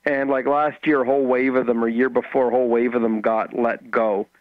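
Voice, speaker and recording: A man who is a guest on a radio talk show, chatting casually in a rambling, halting way with many restarts. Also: medium pitch, flat delivery, no echo, narrow, tinny audio. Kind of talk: casual chat.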